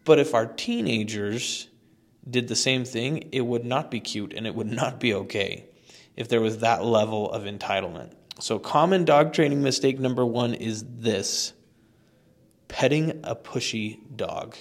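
A man explains dog training mistakes in a chatty, instructional podcast style. His voice sits at a middling pitch. He talks emphatically, with loose fillers and restarts. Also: a little slow.

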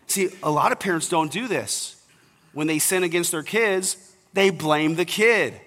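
Bright-voiced male pastor preaching in a hall. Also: a little high, moderate pace. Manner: earnest, conversational preaching to fathers. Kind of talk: sermon. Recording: reverberant hall.

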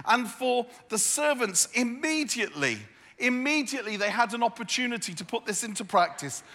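Bright-voiced preacher in a hall. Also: male voice, very high-pitched, expressive, normal speed. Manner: humorous, self-deprecating storytelling with repeated phrases. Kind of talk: sermon. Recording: echoey hall.

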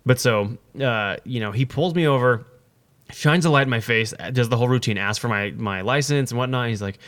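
A young man telling a story in casual chat, rambling and animated. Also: medium pitch, brisk. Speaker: podcast co-host telling a story.

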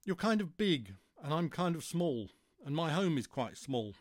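A man's voice: fairly high pitch, sing-song, measured pace, dry recording, studio quality, pitched above the performer's own voice. A man voicing a blunt, sardonic mother carpenter bee in a storybook.

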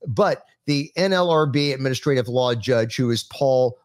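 A man's voice: mid-range voice, dry recording, clean studio sound. A man hosting a panel chat, who reads out news stories with many fillers and restarts. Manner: halting, lots of fillers. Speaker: podcast host.

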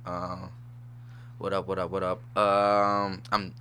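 Guy with aave doing a solo podcast, real bright edgy tone, kinda low voice, loose and rambly. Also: monotone, slow, slight background noise. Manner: laid-back slangy rambling, laughs often. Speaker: podcast host. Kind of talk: casual solo podcast chat.

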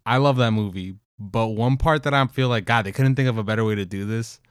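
A man with a fairly low voice rambles through casual podcast chat, hedging and filling with "like" as he goes. The mic is close and the sound is dry. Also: a little fast, clear, resonant tone, dry recording. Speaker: podcast co-host.

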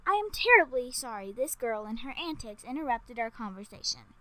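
A woman's voice: on the high side, sing-song, fairly quick, pushed and bright, rough recording. A woman voicing a rude female reporter in a storybook, stiff and grudging.

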